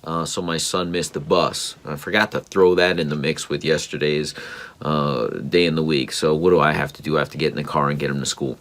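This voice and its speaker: A man's voice: a bass voice, fairly even intonation, a little fast, a bit bright. A man in his thirties, a parenting podcast host, telling a personal story in an earnest, rambling way with many ums and restarts.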